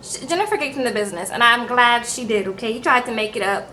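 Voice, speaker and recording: A young woman recapping reality TV episodes in a sassy, animated vlog chat, acting out people's lines. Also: fairly high pitch, fast, a little hiss or hum, low-quality recording. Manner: sassy, animated, acts out quotes in put-on voices.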